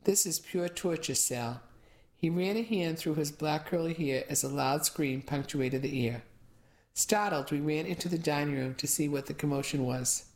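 Low-voiced woman narrating an audiobook. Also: moderate pace. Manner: steady storytelling. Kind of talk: first-person audiobook narration.

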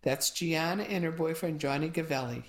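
A woman's voice: deep voice, normal speed, lightly acted. A woman voicing a proud, self-absorbed middle-aged father who talks in a hearty, showy way. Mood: beaming.

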